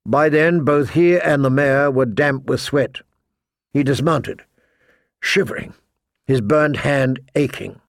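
Gravelly, measured audiobook narrator, a man. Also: medium pitch, no room sound, clean studio sound. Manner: measured, deliberate storytelling. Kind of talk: scripted fantasy narration.

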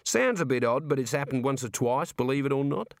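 A man voicing a cheerful, chatty prison warder, talking in a folksy, drawn-out way. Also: medium pitch, lively intonation, creaky, dry recording, clean studio sound, pitched above the performer's own voice. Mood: confiding. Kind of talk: audiobook character voice.

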